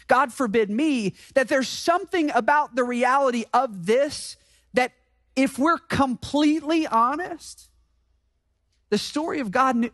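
A man preaching a sermon as pastor, emphatic and slowing down to repeat key phrases. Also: very high voice, a bit bright, no room sound. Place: church sanctuary.

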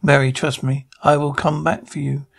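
A man's voice: fairly high pitch, level tone, normal speed, gravelly. A man doing a defiant young soldier. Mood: earnest. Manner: earnest, vowing.

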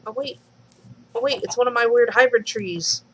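A woman's voice: fairly high pitch, moderate pace, slight background noise, low-quality recording. A woman giving casual, chatty commentary while playing a game at home, swearing lightly and talking to the animals. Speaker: let's play host. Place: home room.

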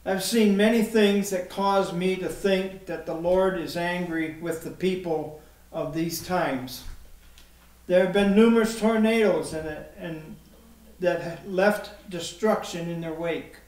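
Slow, emphatic high-voiced preacher. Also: male voice, a little mellow. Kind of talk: sermon with scripture reading. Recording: echoey room, mic at a distance.

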